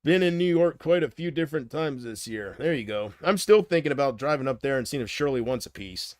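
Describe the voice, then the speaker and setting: Expressive and brisk, an American man with a mid-range voice answers viewer comments on a casual livestream. He sounds unsure, rambling and wandering between ideas, and the studio-quality audio has no room sound.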